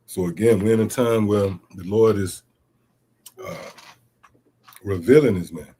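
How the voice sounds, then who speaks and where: A middle-aged man reads Bible verses and explains them with emphatic rhetorical questions. His voice is husky and lowish, with a mellow, dark tone. His asides are casual and conversational. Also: a little slow. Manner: casual street-inflected speech with "man" and "see?". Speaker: Bible teacher. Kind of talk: scripture teaching streamed online.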